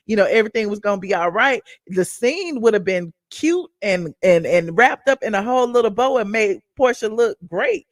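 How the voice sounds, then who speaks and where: A woman with a Southern American accent, hosting a show where she recaps a reality show and chats with her viewers in a sassy, animated way. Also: medium pitch, dry recording, clean studio sound. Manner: chatty, sassy, animated storytelling. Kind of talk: casual chat with live chat.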